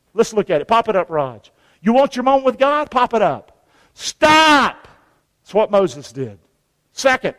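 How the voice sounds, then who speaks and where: A man's voice: high voice, long reverb tail. A man, a pastor preaching a sermon with call-and-response to his congregation. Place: church sanctuary.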